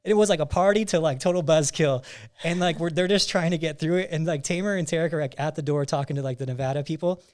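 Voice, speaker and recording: A man, a coach and podcast host, telling a rambling, animated story with lots of "like" fillers. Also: on the high side, quick pace. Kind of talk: casual storytelling chat.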